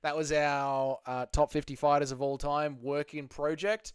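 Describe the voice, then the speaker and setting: A man's voice: a little high, level tone, normal speed, clear, resonant tone, dry recording, clean studio sound. A man hosting a casual livestream, chatting loosely with his viewers and swearing freely. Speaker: livestream host.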